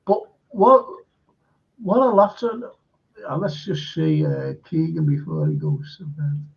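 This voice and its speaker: A man's voice: on the high side, huge pitch swings, unhurried, vocal fry. A man hosting a live stream, reading viewer comments aloud and chatting casually with fillers. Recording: dull lo-fi stream audio.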